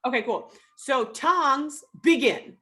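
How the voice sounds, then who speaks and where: A woman's voice: high voice, slow, pushed and bright. Upbeat woman refereeing an improv match. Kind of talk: casual hosting over video call. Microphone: video call.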